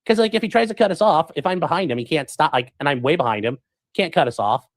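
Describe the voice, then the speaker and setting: A man chats to his live audience at a brisk clip, his voice bouncing up and down as the story tumbles out with plenty of fillers. His pitch sits a touch high for a man. The recording is dry and close, with no room echo. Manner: rambling, animated, full of fillers and acted-out quotes. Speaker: streamer telling a story. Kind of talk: casual storytelling to a live chat.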